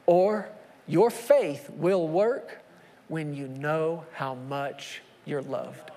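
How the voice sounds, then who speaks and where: A man's voice: fairly high pitch, a little mellow. A man preaching a sermon from the pulpit, emphatic, posing rhetorical questions to the congregation. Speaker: pastor. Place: church sanctuary. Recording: long reverb of a church hall.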